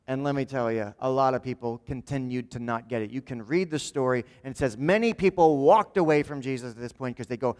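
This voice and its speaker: In a church sanctuary with a big-room sound, a man preaches as pastor at a slightly fast clip with few pauses and a medium-pitched voice. His style is conversational, peppered with "right?", and he performs quoted speakers in changed voices.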